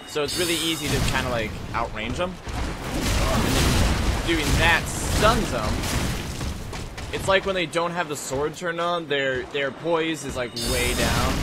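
A young man giving casual, excitable commentary while playing a video game, yelping at enemies and joking to himself. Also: mid-range voice. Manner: excitable, yelps and jokes at enemies. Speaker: let's play gamer. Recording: loud background noise.

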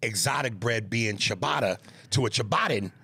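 A middle-aged man co-hosting a podcast, joking and talking crudely in animated, casual chat. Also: mid-range voice, moderate pace, vocal fry, slightly rough, no echo, clean studio sound. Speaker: podcast co-host.

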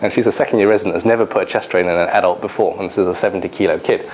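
A man from England speaks in a fairly low voice, telling anecdotes to illustrate a lecture. He stumbles through fillers and restarts as he goes. A faint hiss of background noise sits under the recording. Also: steady tone, very fast, darkish tone, low-quality recording. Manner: storytelling with many fillers and restarts.

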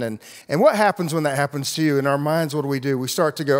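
A middle-aged male pastor tells stories in a sermon, climbing to loud, emphatic lines before sinking to near-hushed asides. He talks fast with few pauses at an ordinary male pitch, and a big church hall lends a long reverb.

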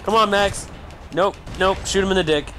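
High-voiced excitable young gamer man. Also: moderate pace, faint music behind. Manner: loud, excitable, swearing, yelling at the game. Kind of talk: let's play commentary.

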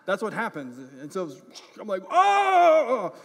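Male pastor, high-pitched, chatty sermon delivery with frequent "right?" asides, recorded in a reverberant sanctuary. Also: normal speed. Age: adult parent. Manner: conversational, often checking in with "right?" and "okay?"; self-deprecating, grows animated in funny moments. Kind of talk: sermon with personal storytelling. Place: church sanctuary. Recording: church hall reverb.

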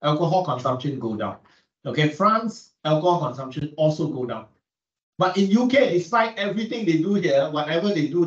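A man with a Malaysian English accent, lecturing an economics class and peppering it with rhetorical questions and repeated words. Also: on the high side. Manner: asks students frequent rhetorical questions; repeats words while searching for them. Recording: echoey room, distant mic, dull sound.

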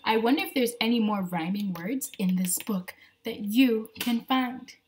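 A woman teacher reading a picture book aloud to her class from home, animated and talking to the children as friends. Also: on the high side, unhurried, slight background noise.

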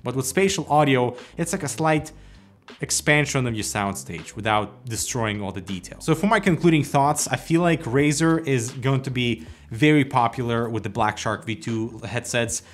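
A man casually reviewing gaming headsets, talking through microphone tests and software settings at his desk. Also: mid-range voice. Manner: casual, conversational, demonstrating mic settings. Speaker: tech reviewer. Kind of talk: product review narration. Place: home desk setup. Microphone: headset microphones under test.

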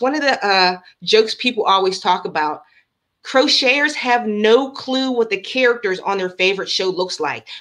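A woman's voice: mid-range voice, a bit bright. A woman hosting a crochet livestream, chatting casually and bubbly with her viewers and reading out patterns.

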